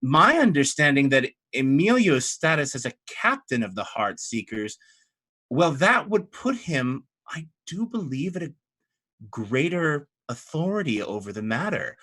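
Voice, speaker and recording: A man puts on a sly abbess who turns aside threats with polite, sweet mockery. The voice is bright and lifts at the ends of her lines. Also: fairly high pitch, sing-song, unhurried, pitched above the performer's own voice, full character voice. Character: calm sly female abbess.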